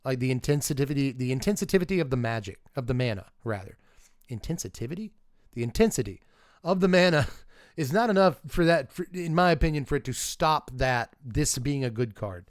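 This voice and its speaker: A man's voice: mid-range voice, lively intonation, fairly quick, dry recording, studio quality. A man doing a casual live-stream review of game cards, chatting and thinking aloud with rambling asides and restarts.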